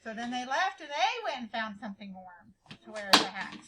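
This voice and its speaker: A woman teaching a class reading lesson in a high, bright voice. She keeps asking the same question again and calls on pupils by name, then echoes back their answers. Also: big pitch swings, a little fast. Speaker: schoolteacher.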